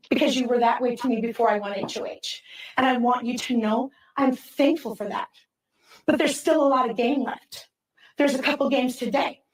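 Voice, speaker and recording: A middle-aged woman speaking in a heated, rambling, apologetic way to housemates, recorded from a distance. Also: on the high side. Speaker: reality show contestant. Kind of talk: emotional speech to housemates. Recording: roomy sound from off-mic.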